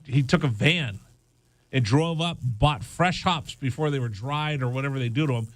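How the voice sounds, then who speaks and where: A man's voice: mid-range voice, normal speed, no echo. A man hosting a radio sports show in the studio, chatting loosely and joking as he runs down the program. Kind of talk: casual radio chat. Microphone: studio microphone.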